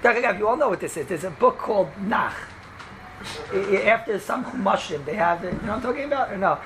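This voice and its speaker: A man teaching a casual class as a rabbi, telling the story in an animated way and acting out the quoted lines, with lots of "right?" and "you know". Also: high-pitched, fast talker, background noise. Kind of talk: casual classroom Torah lesson.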